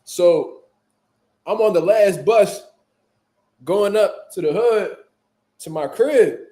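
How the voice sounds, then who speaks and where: Animated man. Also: high voice, slow, roomy sound. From Philadelphia, US. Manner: animated, profane street slang. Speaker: boxing show host. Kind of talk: casual storytelling.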